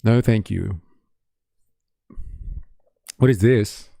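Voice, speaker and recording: Brief: Australian male streamer, low gravelly voice, swears freely, dry close sound. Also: extremely slow, mellow, no echo. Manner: sweary, blunt and sarcastic. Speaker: livestream host. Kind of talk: casual reaction commentary.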